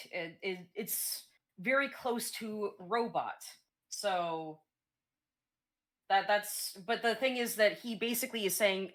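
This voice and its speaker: A woman's voice: medium pitch, fairly bright tone. A woman streamer chatting casually, explaining things in a hesitant way with many fillers and restarts.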